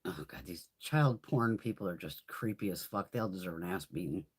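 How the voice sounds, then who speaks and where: Blunt, lively woman telling stories with lots of swearing. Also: extremely low pitch, fairly quick, slightly rough. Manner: profane, blunt and animated, often laughing. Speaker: beauty vlogger hosting a live haul stream. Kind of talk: casual livestream chat and storytelling.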